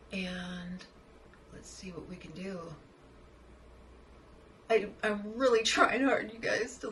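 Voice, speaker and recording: A woman chatting excitedly through a makeup tutorial, often dropping to a soft murmur as she works. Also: medium pitch, a little hiss or hum, low-quality recording. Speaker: makeup vlogger. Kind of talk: casual makeup tutorial chat.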